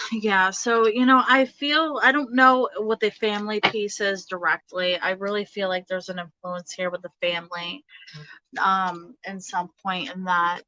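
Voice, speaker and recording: Halting woman giving a tarot reading. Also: mid-range voice, fairly even intonation, bright, forceful tone, dry recording, muffled recording. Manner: hesitant, halting, many fillers and restarts. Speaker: tarot reader. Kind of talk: casual live tarot reading.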